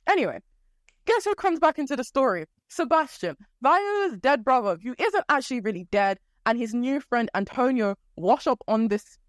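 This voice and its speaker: A young woman hosting a podcast, retelling a story in a casual, playful way and acting out quick quotes from the characters. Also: fairly high pitch, dry recording, clean studio sound. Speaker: podcast host.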